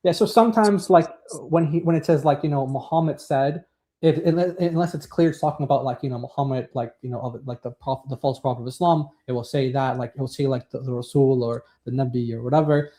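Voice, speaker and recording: A man's voice: mid-range voice, fast talker, mellow. A man co-hosting a casual discussion, reading quotes from a text and commenting in a rambling way with many fillers. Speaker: co-host.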